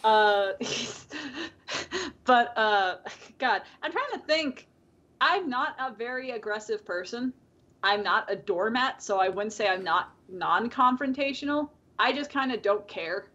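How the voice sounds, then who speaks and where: A woman's voice: a little high, lively intonation, slow, fairly bright tone. A woman co-hosting a podcast in casual chat, rambling with lots of fillers and frequent laughs. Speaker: podcast co-host. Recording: dull lo-fi call audio.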